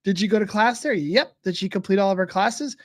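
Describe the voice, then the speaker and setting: A man's voice: sits high, a little fast, no echo, clean studio sound. A man co-hosting a casual political chat podcast, chatty and wry. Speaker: podcast co-host.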